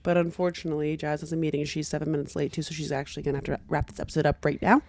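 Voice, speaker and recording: A young woman co-hosting a chat podcast, adding quick, chatty asides to the story. Her voice sits on the lower side. The recording is close and dry. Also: flat delivery, darkish tone, dry recording. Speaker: podcast co-host. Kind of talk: casual chat.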